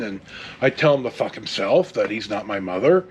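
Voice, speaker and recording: A middle-aged man hosts his own show and tells a casual story at home. He rambles, stops and restarts his sentences, and chuckles as he goes. His voice sits in a middle pitch, with a faint hiss of noise behind it. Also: animated, moderate pace. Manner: rambling, with many fillers and restarts; chuckles while telling the story. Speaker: host.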